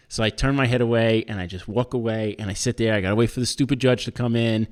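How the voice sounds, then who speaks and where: A man co-hosting a podcast tells a story in casual chat with a lowish voice, racing along with few pauses. He's animated, acting out other people's lines, and swears and laughs a lot.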